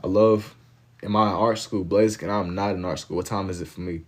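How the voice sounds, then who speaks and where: Young guy streaming, real low voice, chill slangy banter w chat. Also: fairly even intonation, brisk. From Kentucky. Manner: laid-back slang-heavy banter, reading and answering chat. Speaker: livestreamer. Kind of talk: casual chat with live viewers while drawing.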